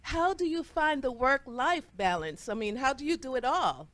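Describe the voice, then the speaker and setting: A woman on a talk show panel asking a guest earnest, measured questions. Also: high voice, animated, fairly bright tone, dry recording.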